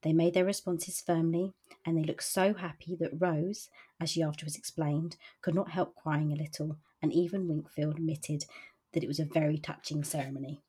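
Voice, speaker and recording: A woman's voice: deep voice, level tone, moderate pace, warm tone, slightly rough. A woman co-hosting a book podcast, talking casually with frequent laughs and some hesitation. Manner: laughing, hesitant with fillers and restarts. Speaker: podcast co-host.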